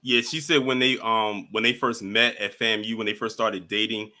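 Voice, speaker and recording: A man's voice: fairly low pitch, fairly even intonation, moderate pace, pushed and bright. A man hosting a casual call-in show, telling stories animatedly and laughing. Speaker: host of a call-in stream. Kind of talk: casual chat.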